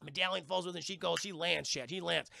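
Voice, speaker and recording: A man's voice: on the high side, steady tone, fast, vocal fry, sharp tone, dry recording. A man streaming, retelling a movie to his chat in a rambling, profane way. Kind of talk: casual movie recap to chat.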